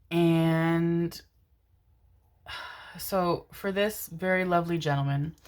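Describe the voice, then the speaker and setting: Low-voiced woman telling a rambling story. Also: gravelly. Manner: rambling, repeats words, swears casually. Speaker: tarot reader. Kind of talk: casual storytelling.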